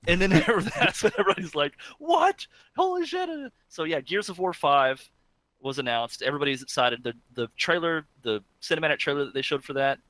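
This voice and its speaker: A man co-hosting a casual gaming podcast, telling stories with animated reenactments of crowd reactions. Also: a little high, fairly quick, no room sound. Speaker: podcast co-host.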